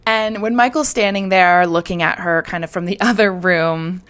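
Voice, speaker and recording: A young woman tells a true-crime story in a casual, chatty way. Her voice sits fairly low, and she talks candidly, with plenty of fillers and the odd swear. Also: steady tone, moderate pace, a bit bright.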